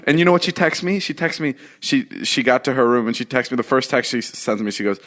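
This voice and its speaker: A young man in his twenties hosting a podcast in casual chat. His voice sits at an ordinary middle pitch. He tells stories with lots of swearing and laughter. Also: expressive, fairly bright tone. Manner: quick, profane storytelling with laughs. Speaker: podcast host.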